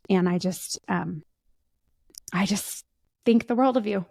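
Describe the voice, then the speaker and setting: Her medium-pitched voice is creaky and a little mellow as this forty-something podcast co-host, mother of the guest, talks casually about her son. She comes across as heartfelt and emotional, speaking slowly and searchingly.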